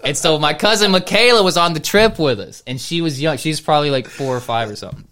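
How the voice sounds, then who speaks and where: A man's voice: a little high, fast, bright, forceful tone. A young man casually telling a long story on a podcast, rambling with restarts and breaking into laughter. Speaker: podcast co-host.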